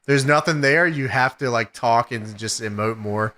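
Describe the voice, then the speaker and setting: A man co-hosting a podcast, calmly narrating a match play by play and laughing often. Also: mid-range voice, moderate pace. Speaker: podcast co-host. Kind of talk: casual podcast chat recapping a wrestling match.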